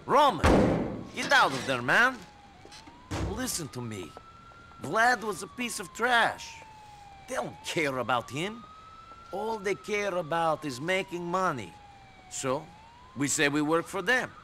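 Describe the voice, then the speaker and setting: A hard-bitten war veteran who talks grimly and dryly. His voice is a bit high for a man and his pitch moves in lively swings. Loud ambient game noise sits behind him. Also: slow, long pauses, heavily acted. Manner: grim, dry, deadpan. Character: hardened war veteran, grim and dry. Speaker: game protagonist.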